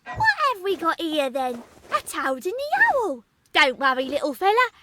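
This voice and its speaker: A chirpy Cockney townswoman from a cartoon game, sing-song and full of slang. Her high voice swoops up and down, and game music plays loudly underneath. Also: big pitch swings, normal speed. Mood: cheery.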